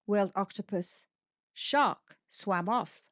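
A woman reading a picture book aloud to young children, gentle, sing-song and expressive. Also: medium pitch, slow, no room sound. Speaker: children's storytime reader. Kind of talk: slow expressive read-aloud for young kids. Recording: dull lo-fi dry recording.

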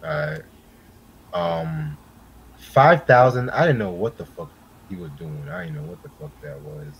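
A man co-hosting an album review in casual chat, laid-back and unhurried, swearing casually and a little high. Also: lively intonation, breathy edge, dull audio. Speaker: podcast co-host reviewing an album.

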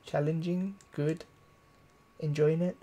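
A man's voice: on the high side, level tone, slow, warm tone. A man streaming live gameplay, chatting casually, thinking aloud and reading viewer comments. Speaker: gaming streamer.

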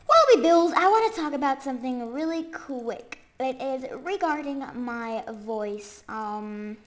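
A young woman with a very high, stuffy-sounding voice from a cold, chatting casually and rambling excitedly as she builds in a game. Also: unhurried. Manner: rambling, excitable, many fillers and sudden squeals. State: congested from a cold. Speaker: gaming YouTuber.

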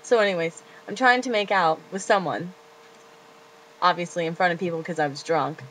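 A woman's voice: on the low side, moderate pace, fairly bright tone, a little hiss or hum, rough recording. A young woman in her late teens from Florida, ranting bluntly and profanely in a casual confessional vlog from her bedroom. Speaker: vlogger.

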